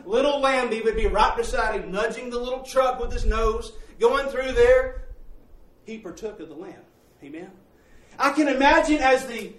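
Storytelling preacher, high voice, roomy church sound from a distance. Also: male voice, fairly bright tone. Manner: vivid storytelling with call-and-response. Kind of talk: sermon.

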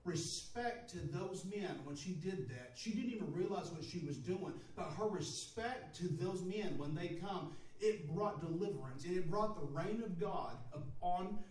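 A man preaching a sermon to his congregation, animated, laughing often and building to loud passages. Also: sits high, unhurried. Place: church sanctuary. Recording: echoey room recorded from far off with faint background noise.

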